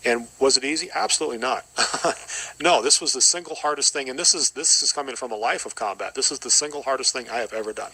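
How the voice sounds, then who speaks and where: A man's voice: mid-range voice, quick pace, bright, forceful tone, husky, rough recording. A middle-aged man giving an earnest, reflective personal testimony as a podcast guest, often repeating short phrases.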